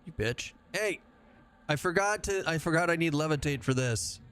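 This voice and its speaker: A man's voice: fairly high pitch, expressive, normal speed, fairly bright tone, a little hiss or hum. A man streaming an online game, talking casually in a joking, rambling way with frequent swearing and asides to chat. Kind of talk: casual livestream chat while gaming.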